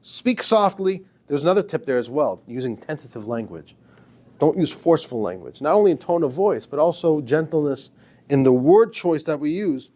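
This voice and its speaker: A man's voice: on the high side, animated, fairly quick, mellow. A man, a rabbi, giving an informal, emphatic lecture to a class, joking with his students.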